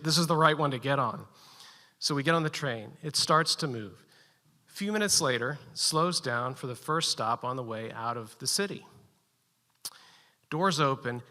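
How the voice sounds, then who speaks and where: A man with a mid-range voice shares a personal story at a live story slam, animated and using short, punchy sentences to build suspense, with big-room acoustics around him.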